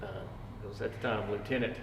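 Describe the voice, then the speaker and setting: A man, a firefighter, recalling a colleague in a soft, reflective way. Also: fairly low pitch, fairly even intonation, quick pace, creaky, a little hiss or hum. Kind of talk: casual storytelling. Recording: echoey hall, voice from far off.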